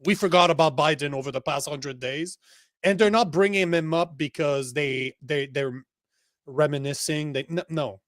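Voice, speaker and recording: A man's voice: fairly high pitch, moderate pace, no room sound, clean studio sound. Blunt, profane man. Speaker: podcast co-host. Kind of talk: casual political chat.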